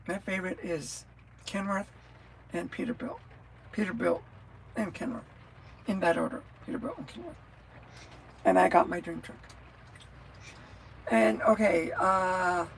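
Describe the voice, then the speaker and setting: A woman's voice: medium pitch, vocal fry, slight background noise, poor audio. A woman chatting casually on a live stream, rambling from thought to thought and answering viewers' comments as she goes. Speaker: livestreamer.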